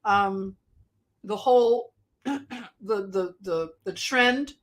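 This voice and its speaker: A woman with a medium-pitched voice hosts a live stream, speaking slowly and musing through casual commentary. She restarts her sentences often.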